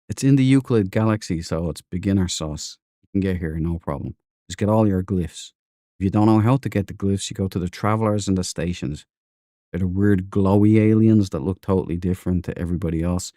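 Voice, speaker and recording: A man's voice: deep voice, dark tone, dry recording. An Irish man streaming a space game live, rambling and chatty, with slangy asides. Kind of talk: casual live-stream chat.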